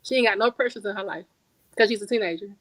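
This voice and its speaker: A woman guest author chatting casually on a podcast, telling stories in relaxed slang and repeating words for emphasis. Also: medium pitch, rapid-fire, no echo, rough recording. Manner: storytelling, conversational slang.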